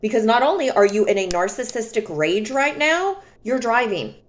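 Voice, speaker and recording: A woman vlogger calmly and emphatically retelling a personal story in a storytime monologue. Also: on the high side, normal speed. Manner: calm, emphatic, dramatic retelling.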